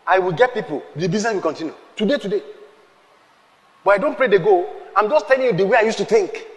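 A male pastor delivers an emphatic sermon. His voice sits high, and he punches key lines up to a shout. He calls out to the congregation to repeat after him, and a long reverb trails each phrase. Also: lively intonation, fast. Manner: emphatic preaching, shouted peaks, call-and-response.

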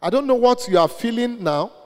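A man's voice: very high-pitched, expressive, brisk, big-room sound, low-quality recording. A man with a Nigerian accent preaching an interactive sermon, asking the congregation questions and then answering them himself. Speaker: preacher leading a Bible study.

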